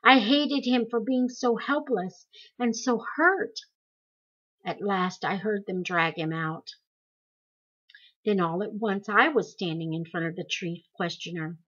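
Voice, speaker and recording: A woman reading a memoir aloud in slow, deliberate storytelling. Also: medium pitch, fairly bright tone, husky, highs cut off. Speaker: audiobook reader.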